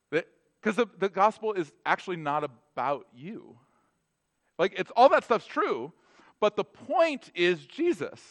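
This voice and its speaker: A pastor, a man with a slightly higher voice, preaching in a loose conversational style. He slips into quick acted dialogues, then drops to a near hush for emphasis before rising again. His delivery swings widely in pitch and level. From North America. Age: adult with children. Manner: conversational, animated, acts out short dialogues. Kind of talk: sermon.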